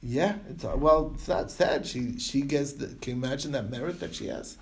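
Gravelly man teaching a casual Talmud class. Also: medium pitch, normal speed. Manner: loose retelling full of fillers and restarts. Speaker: Torah teacher.

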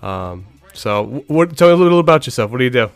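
Casting: middle-aged male podcast host, casual, rambling talker with a smooth, resonant voice and a dry close sound. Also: medium pitch, sing-song, fast, no room sound, soft background music. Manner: rambling, self-interrupting, frequent restarts.

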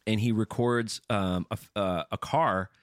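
A podcast co-host chats casually, rambling through stories and swearing freely. His fairly low voice has fairly even intonation and a slightly slow pace, captured with clean studio sound and no room noise.

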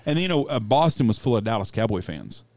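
A man's voice: mid-range voice, sing-song, fast talker, darkish tone. A middle-aged man from Texas with a Texan accent, co-hosting a casual podcast and telling rambling, salty stories. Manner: rambling profane storyteller. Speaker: podcast co-host. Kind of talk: casual chat.

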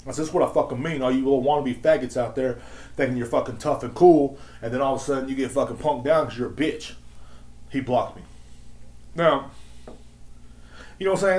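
A man's voice: mid-range voice, a little fast, pauses often, darkish tone, echoey room. A man in his thirties hosting a solo podcast, ranting in a swaggering, slangy, profane and mocking way. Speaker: podcast host.

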